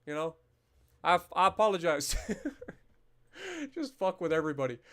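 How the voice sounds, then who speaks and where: A man's voice: a little high, very animated, moderate pace, fairly bright tone. A man in his thirties from Ohio, hosting a live gameplay stream with profane, joking tangents. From Ohio, USA. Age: 30s. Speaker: gaming livestream host. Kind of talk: casual live gameplay commentary.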